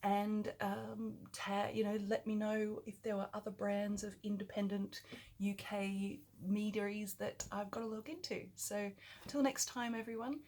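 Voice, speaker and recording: A chatty Australian woman hosts her own vlog, thinking aloud through a tasting with easy enthusiasm. Her voice is soft and a little husky, pitched in a middle range. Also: level tone, unhurried. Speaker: vlogger. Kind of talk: casual taste-test vlog.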